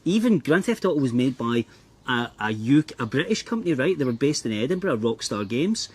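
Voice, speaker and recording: A man's voice: mid-range voice, big pitch swings, fairly quick, darkish tone, slightly rough. Earnest European man in casual chat. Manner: earnest, emphatic, swears casually.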